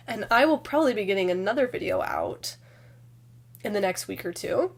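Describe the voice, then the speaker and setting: A woman with a sick, hoarse voice, chatting casually and rambling a bit as she reviews books in her vlog. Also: medium pitch, a little fast. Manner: chatty, rambling with fillers and restarts. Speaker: book vlogger. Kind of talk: casual chat.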